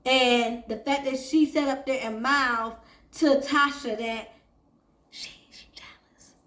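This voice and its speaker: A woman with a high, fairly bright voice speaks slowly and with fairly even intonation in an echoey room. She hosts a casual TV recap and review, chatting straight to her viewers and calling them "y'all."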